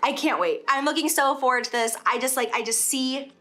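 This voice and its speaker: A woman's voice: high-pitched, fairly quick, bright, forceful tone, a little hiss or hum. A woman vlogging in a gushing, confessional way, emphatic about how she feels. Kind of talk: personal vlog talk.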